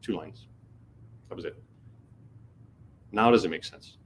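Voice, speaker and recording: Man telling a lively conference story. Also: low-pitched, unhurried, slight background noise. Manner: casual, animated storytelling with acted-out quotes and swearing. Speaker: conference speaker. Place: conference hall.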